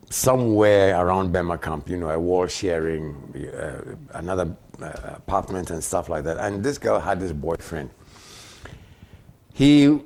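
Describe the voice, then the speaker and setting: A very deep, gravelly male voice belonging to a radio co-host. He is playful, trading puns and rambling through funny anecdotes at an easy pace. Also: a little mellow. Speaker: radio talk show co-host. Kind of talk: casual storytelling chat.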